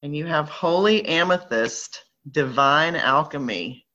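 A woman's voice: deep voice, animated, a little slow, pushed and bright, slight background noise. A woman with a Southern American accent, chatting upbeat and playful as she leads a live online group and reads oracle cards aloud. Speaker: spiritual group leader. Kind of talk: live online card reading. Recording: slightly dull lo-fi audio.

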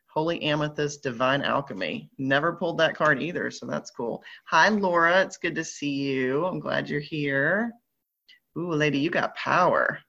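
Leading a live online group, this Southern American woman reads oracle cards aloud in a low voice with a fairly bright tone. She chats in an upbeat, playful way, and the lo-fi recording is slightly dull.

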